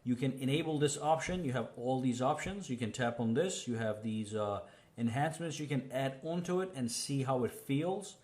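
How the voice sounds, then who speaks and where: Tech tutorial host, male, mid-pitched, easygoing walkthrough delivery with frequent check-ins. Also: moderate pace. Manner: relaxed, walks through each setting with fillers and "okay?". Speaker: tech reviewer. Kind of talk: casual phone tutorial voice-over.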